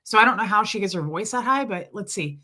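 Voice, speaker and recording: A hoarse woman hosting a casual livestream, chatting and greeting viewers by name as she reads their comments aloud. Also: medium pitch, lively intonation, fast, sharp tone. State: hoarse from illness. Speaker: livestream host.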